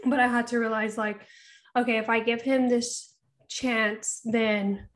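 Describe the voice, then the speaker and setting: A woman's voice: fairly high pitch, flat delivery, unhurried. A woman co-hosting a podcast, chatting in a confiding way, laughing often and swearing casually. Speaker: podcast co-host. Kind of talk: candid casual chat.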